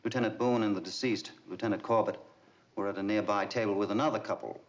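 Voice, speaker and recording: A man's voice: lowish voice, fairly even intonation, fast talker, lightly acted. A man playing a pointed military prosecutor. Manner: pointed and leading. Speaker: Navy prosecutor. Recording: dull old TV sound.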